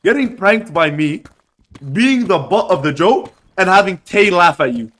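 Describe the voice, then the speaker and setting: Speaking high-pitched and unhurried, a man casually recounts a wild tale to friends over a livestream. He's animated, curses freely, and keeps saying "bro" and "right."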